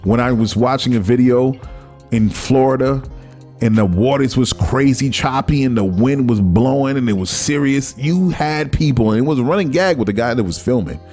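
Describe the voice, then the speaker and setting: A man's voice: mid-range voice, expressive, normal speed, darkish tone, soft background music. A man hosting a solo commentary show, talking in a heated, ranting way full of rhetorical questions. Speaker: podcast host.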